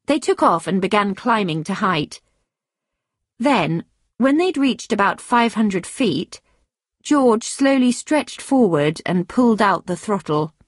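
A woman reading a story aloud in a steady, clear storytelling manner. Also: medium pitch, slow pace, no room sound, studio quality. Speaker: narrator.

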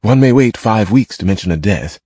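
A man voicing a quiet young gentleman scientist who speaks in clipped, restrained lines. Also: medium pitch, big pitch swings, normal speed, husky, no echo, studio quality, voice pushed up. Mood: terse.

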